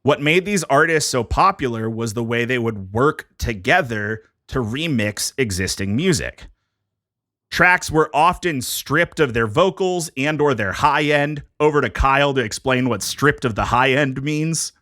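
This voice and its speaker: Bright-voiced man presenting prepared history notes. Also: mid-range voice, animated, a little slow, no room sound, clean studio sound. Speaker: podcast host presenting a history topic. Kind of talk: casual podcast chat, reading prepared notes.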